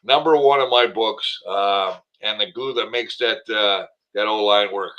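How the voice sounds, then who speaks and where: Bright, emphatic male football pundit. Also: on the low side, unhurried, highs cut off. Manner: emphatic, enthusiastic, rambling with fillers. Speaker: guest, former football player and commentator. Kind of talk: casual sports talk.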